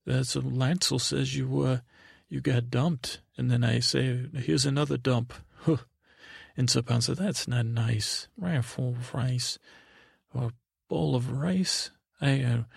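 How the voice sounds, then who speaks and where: Male comic improviser, gravelly and flat, playing a naive childlike narrator who rambles and restarts constantly. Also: mid-range voice, dry recording, studio quality. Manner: rambling, halting, full of restarts; naive, childlike storyteller persona. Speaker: comedy podcast host. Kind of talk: improvised in-character comedy storytelling.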